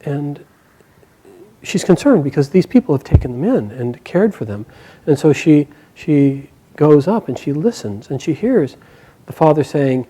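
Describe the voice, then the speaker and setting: A man telling a myth aloud to a live group, animated and chuckling along with the story. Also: a little high, measured pace, breathy edge, rough recording.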